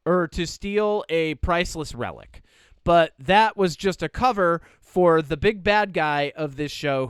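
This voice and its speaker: A man co-hosting a podcast, talking in a casual, rambling way and acting out little quoted lines as he goes. His voice sits a little high and sounds smooth and clear. The recording is dry and close, with no room echo. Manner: animated, rambling with many "like" fillers and quoted asides. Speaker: podcast co-host. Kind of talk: casual chat.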